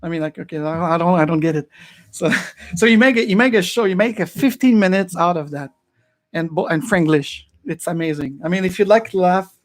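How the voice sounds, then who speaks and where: High-voiced man. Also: a little fast. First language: French. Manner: animated, chuckling, slips into French phrases. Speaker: podcast host. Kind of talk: casual group chat. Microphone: video call.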